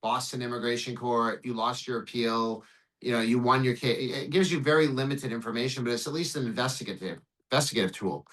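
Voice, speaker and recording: A man, an immigration lawyer, recounts a case in a podcast interview. He talks at a rapid clip in a bright, forceful voice. He is animated and blunt, swears freely and plays out the back-and-forth himself. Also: mid-range voice, low-quality recording. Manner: animated, profane, acts out dialogue.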